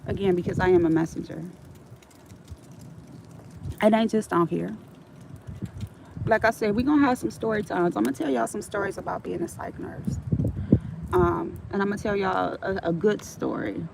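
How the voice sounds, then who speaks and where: A woman's voice: mid-range voice, normal speed, creaky, long pauses. A middle-aged woman telling stories on a casual livestream, frank and streetwise, swearing freely, with faint traffic noise behind her.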